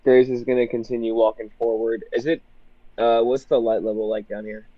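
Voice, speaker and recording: A man playing a tabletop game, chatting casually and thinking aloud in halting restarts. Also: mid-range voice, flat delivery, no echo, dull audio. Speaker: player.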